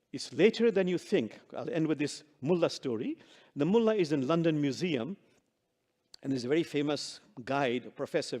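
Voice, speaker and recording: An older man, a guest imam, giving an animated sermon full of stories and quotes, then leading a quiet meditation. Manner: animated storyteller, lively pitch swings, laughs at own jokes. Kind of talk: sermon with storytelling and guided meditation. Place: church sanctuary with long reverb. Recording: reverberant hall sound.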